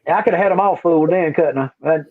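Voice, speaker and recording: High-voiced older man on a tinny line. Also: fast talker, a crowd in the background. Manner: rambling, folksy, repeats himself. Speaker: livestream host. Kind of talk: casual chat. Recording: dry, tinny phone-like line.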